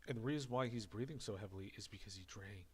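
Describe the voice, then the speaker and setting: A man's voice: fairly low pitch, fast, darkish tone, husky. A man giving casual, rambling commentary, repeating himself, a little out of breath after a drink. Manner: rambling and repetitive. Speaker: commentary streamer.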